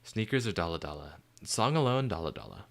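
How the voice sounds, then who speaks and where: Chatting casually on his livestream, a man eagerly answers viewers and rambles, filling gaps with fillers. His voice is deep with vocal fry, and he goes a little fast.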